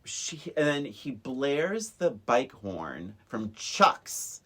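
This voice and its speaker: Man, podcast co-host, excitable, laughs a lot, very lively swooping pitch. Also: drawn-out words, husky. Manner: excitable, laughs often, acts out scenes. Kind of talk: casual chat reviewing a film.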